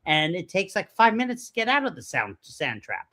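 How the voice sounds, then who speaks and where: An animated man riffs on a beloved movie as a podcast co-host, tossing out jokes and trivia. His voice is bright, and his pitch rises and falls freely. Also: normal speed. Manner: animated, joking, shares trivia. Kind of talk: casual movie discussion.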